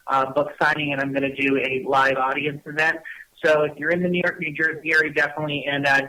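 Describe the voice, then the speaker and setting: Bright-voiced man promoting his events. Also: fairly high pitch, rough recording. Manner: hesitant, many fillers. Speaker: guest author.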